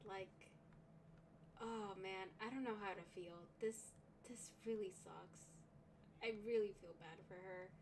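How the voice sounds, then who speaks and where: A woman's voice: mid-range voice, measured pace, a little mellow, slight background noise. A young woman hosting a livestream reaction, talking emotionally and swearing often, with sighs. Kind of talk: casual reaction commentary.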